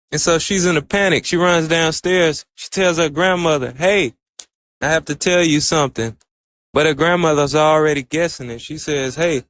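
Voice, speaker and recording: A man's voice: a little high, a bit bright, no room sound. Man casually retelling a story. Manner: retells scenes with running "and so" and "she says". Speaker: anime recap reviewer.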